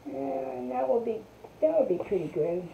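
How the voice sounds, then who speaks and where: A woman's voice: fairly high pitch, lively intonation, moderate pace, vocal fry, a little hiss or hum. A woman hosting a casual craft tutorial live stream, chatting to viewers while she works on a piece at her table. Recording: tinny phone-like sound.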